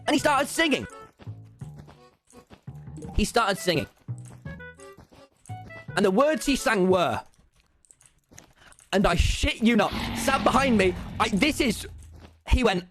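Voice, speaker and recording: A young British man tells a story on stream in a high, lively voice that keeps leaping up and down. He swears freely and acts out every voice in the exchange. Faint music plays under him. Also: a little slow, pauses often. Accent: British English. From England. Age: young adult. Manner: excitable, swears a lot, acts out both sides of the exchange.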